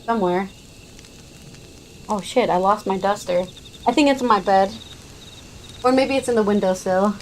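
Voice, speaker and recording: A woman's voice: mid-range voice, normal speed, pauses often, slight background noise, poor audio. A young woman streaming a game, chatting casually and reacting with giggles. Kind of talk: casual live-stream commentary. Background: game music.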